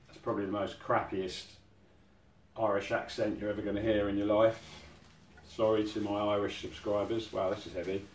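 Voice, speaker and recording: A man's voice: fairly low pitch, flat delivery, normal speed. A man hosting an outdoors channel, chatting casually through an unboxing and exclaiming in amazement at each item. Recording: roomy sound from a distant mic.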